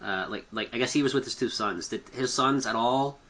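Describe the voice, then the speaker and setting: A man's voice: mid-range voice, a little fast, sharp tone. A man co-hosting a casual chat, easygoing and hesitant, often trailing off. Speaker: podcast co-host.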